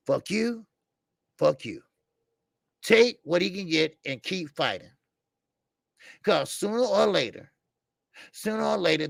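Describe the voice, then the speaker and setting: A man's voice: a little high, creaky, fairly bright tone, no echo, studio quality. An older man hosting a boxing show, talking bluntly and profanely in a rambling casual commentary with stammered fillers. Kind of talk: casual live-stream commentary.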